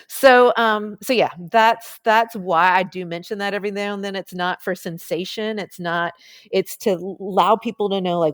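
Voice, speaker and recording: Podcast guest, woman, lowish pitch, candid storyteller, casual "like" fillers. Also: no echo, studio quality. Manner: chatty, many "like" fillers, lively quoted voices. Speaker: podcast guest, nonprofit founder. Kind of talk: personal storytelling in a podcast interview.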